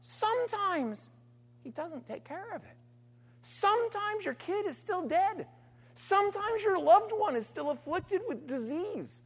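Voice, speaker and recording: Animated woman preaching in a reverberant hall. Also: very high-pitched, measured pace. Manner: earnest, emphatic, swings between loud stress and quiet trailing lines. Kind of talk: sermon.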